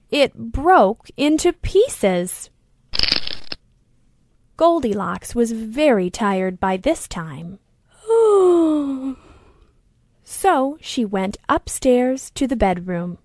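A woman reading a children's story aloud, slowly and deliberately. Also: on the high side, animated, darkish tone.

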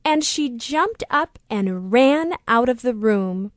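A woman reading a children's story aloud, slowly and deliberately. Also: on the high side, lively intonation, no echo.

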